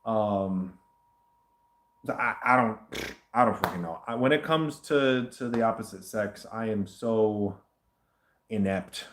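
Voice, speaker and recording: A man chatting casually as the host of a livestream question session, rambling, animated and swearing often. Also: mid-range voice, roomy sound. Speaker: host answering viewer questions.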